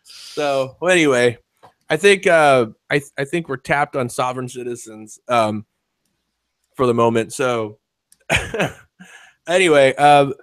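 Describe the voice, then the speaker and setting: A man's voice: mid-range voice, fairly bright tone, clean tone, dry recording. A man hosting a casual podcast chat, rambling and profane, laughing often as he talks. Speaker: podcast host.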